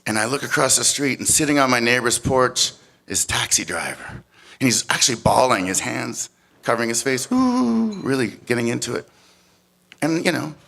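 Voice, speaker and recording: A man telling a story live on stage at a competition, animated and swinging from loud shouts to hushed tones. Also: medium pitch, gravelly.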